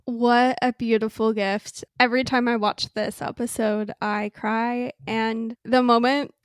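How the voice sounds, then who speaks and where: Woman podcast co-host, higher voice, earnest and affectionate, dry close sound. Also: level tone, measured pace, clean tone, no room sound. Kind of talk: casual fan podcast chat.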